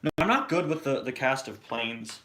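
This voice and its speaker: During a live Q&A stream, a man who reviews toys talks casually in an expressive, fairly bright medium-pitched voice at normal speed. He rambles and keeps restarting hesitantly, with slight background noise behind him.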